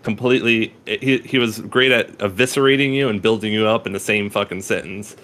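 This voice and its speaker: Rambling, swearing man with a low voice. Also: brisk, a bit bright. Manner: rambling, profane, laughs often, many restarts. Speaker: podcast co-host. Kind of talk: casual conversation about poetry.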